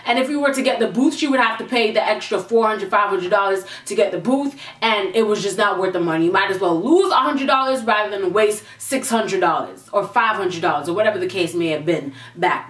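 A young woman from Canada telling a story on her vlog, brash and animated, with plenty of cursing. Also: on the high side. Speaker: vlogger. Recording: roomy echo, mic far off.

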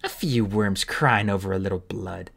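A man's voice: low-pitched, normal speed, vocal fry, fairly bright tone, husky, heavily acted. A man voicing a cruel hissing dragon queen. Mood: scornful. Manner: sneering, hissing, theatrical taunts. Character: cruel mocking female sand dragon queen.

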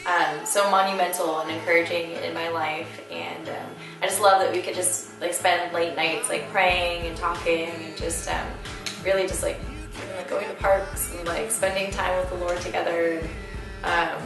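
A woman's voice: lowish voice, flat delivery, normal speed, vocal fry. Giggly young woman in an echoey room. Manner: gushing, giggly, full of fillers. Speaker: interviewer and friend giving a birthday tribute. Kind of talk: casual birthday video message. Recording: very echoey room, far from the mic, music playing.

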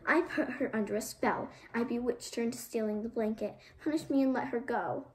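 A woman voicing a bold young girl who cries out in loud, defiant pleas. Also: on the high side, a little fast, lightly acted.

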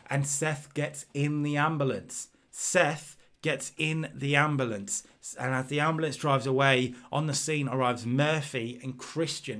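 A man's voice: mid-range voice, a little slow, hardly any pauses, a bit bright. A man casually commentating on his own playthrough of a wrestling management game, chatty and reading out scores as he goes. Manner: chatty, restarts and fillers, reads out scores. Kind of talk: casual let's-play commentary.

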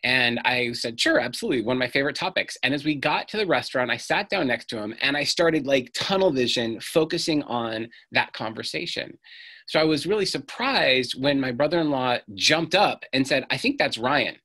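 A man's voice: medium pitch, lively intonation, fairly quick, sharp tone. A middle-aged man giving an earnest storytelling talk on stage, acting out the voices he quotes. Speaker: speaker.

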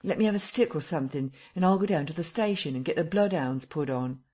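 A man voicing a determined police officer who speaks briskly and resolutely. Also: on the high side, animated, dark tone.

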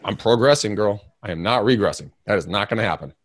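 A man being interviewed about his career, telling stories in an energetic, rambling, emphatic way with self-mocking asides. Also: fairly low pitch, quick pace, no room sound. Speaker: realtor and podcast co-host, interview guest. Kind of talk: candid interview storytelling.

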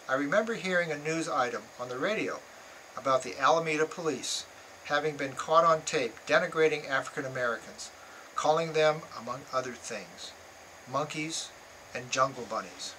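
An older man reading aloud from his own memoir in a measured, earnest way. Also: on the high side, expressive, bright, forceful tone, a little hiss or hum, poor audio.

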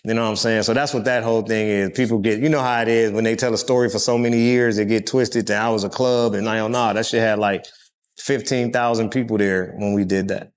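A man's voice: fairly low pitch, fairly even intonation, brisk. Loose-talking middle-aged man from California. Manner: loose, profane street talk with frequent fillers. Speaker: rapper and interview guest. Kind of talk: casual storytelling interview.

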